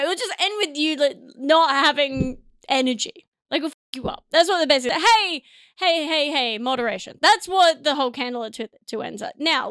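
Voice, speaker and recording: A woman's voice: sits high, fairly bright tone, no echo, studio quality. A woman doing a rambling, self-mocking solo comedy monologue, laughing often. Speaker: comedian and podcast host.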